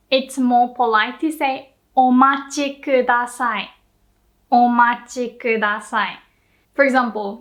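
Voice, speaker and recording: A young woman with a Japanese accent, teaching Japanese in a casual lesson, slowly repeating example phrases. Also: a little high, a bit bright.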